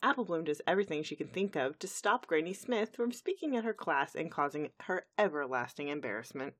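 Low-voiced woman recapping a cartoon. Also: lively intonation, a little fast, a bit bright. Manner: chatty, recaps scenes with frequent fillers. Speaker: podcast co-host. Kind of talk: casual podcast episode review.

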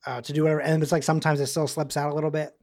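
A man co-hosting a podcast in a loose chat, rambling through his point with plenty of fillers. His voice sits a little higher than most men's. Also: level tone, very fast, a little mellow. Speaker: podcast co-host. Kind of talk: casual chat.

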